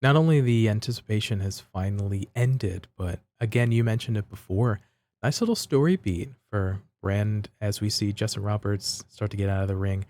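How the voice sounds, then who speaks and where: Man, low voice, measured, casual podcast co-host. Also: darkish tone. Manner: measured, recaps step by step with fillers like "type of thing". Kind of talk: casual wrestling chat.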